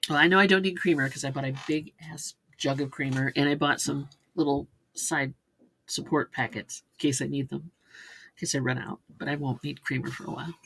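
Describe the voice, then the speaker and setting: A woman's voice: a bass voice, steady tone, fairly quick, gravelly, a bit bright, a little hiss or hum. A middle-aged woman co-hosting a casual live chat, talking in a chatty, wry way with lots of asides. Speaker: co-host of a live chat stream.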